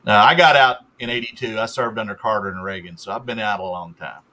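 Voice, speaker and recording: An older man in his sixties with a bright, forceful voice, chatting casually on a livestream. He explains things at length and trails off as he talks. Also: on the low side, fast. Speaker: guest reseller.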